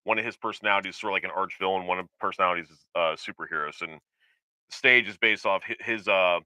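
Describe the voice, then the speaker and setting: Rambling low-voiced man, bright and clear. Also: fairly even intonation, fast talker, no room sound, rough recording. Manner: rambling, hesitant, many fillers and restarts. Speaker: podcast co-host. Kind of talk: casual chat.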